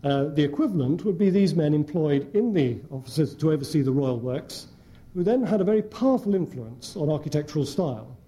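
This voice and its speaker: A man lecturing an audience in a measured way, with frequent hesitant fillers. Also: on the high side, expressive, dark tone. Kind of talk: academic lecture with slides. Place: lecture hall before an audience.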